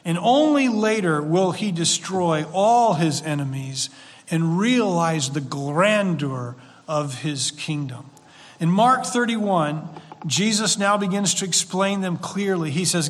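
A pastor with a notably high, fairly bright voice preaches earnestly and conversationally, tossing in folksy asides at a measured pace. His expressive words carry a long reverb, as though spoken in a church sanctuary.

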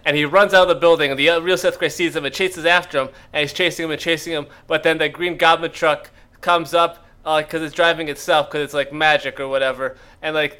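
A man's voice: fairly high pitch, bright, forceful tone, smooth. A man co-hosting a comedy podcast, rambling through an improvised story with lots of fillers and quoted character bits. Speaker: podcast co-host.

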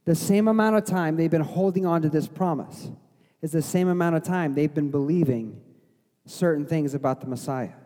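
High-voiced pastor preaching in a church hall. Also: male voice, moderate pace, dark tone. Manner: conversational preaching, acts out voices of the crowd. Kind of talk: sermon. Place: church sanctuary.

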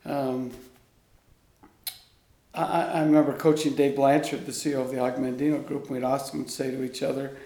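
A man guest in an interview, a coach speaking in an earnest, animated storytelling way. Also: medium pitch, fairly quick, long pauses. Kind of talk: conversational interview. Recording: echoey room.

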